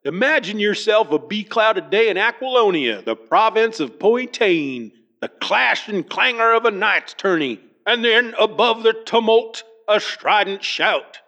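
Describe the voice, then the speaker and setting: A man's voice: high voice, lively intonation, measured pace, hardly any pauses, bright, forceful tone, dull audio, pitched above the performer's own voice, heavily acted. A man doing a grand Southern comic artist. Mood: grandiose. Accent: Southern US good-old-boy put-on.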